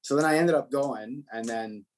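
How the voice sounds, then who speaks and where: A man's voice: mid-range voice, normal speed. Young comedian guy rambling thru a story, swears a lot, medium voice. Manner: loose and profane, rambling storyteller. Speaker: stand-up comedian guest. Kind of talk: casual podcast chat.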